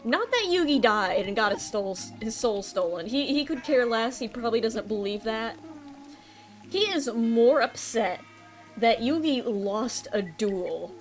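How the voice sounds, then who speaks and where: A female streamer gives a rambling recap as she plays, with lots of filler ums and restarts, while soft music plays behind her. Her voice is on the high side, expressive, and unhurried.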